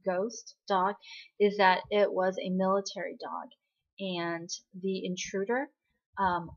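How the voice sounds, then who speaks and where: A chatty woman recaps a drama in a casual, bubbly way, often pausing on "um" and "right?". Her voice sits at an ordinary middle pitch. The recording sounds slightly dull and lo-fi.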